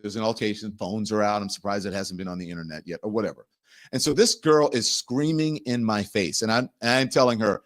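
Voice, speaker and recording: A middle-aged man hosting a livestream, telling a story in an animated, indignant way with quick asides to the chat. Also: medium pitch. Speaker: host.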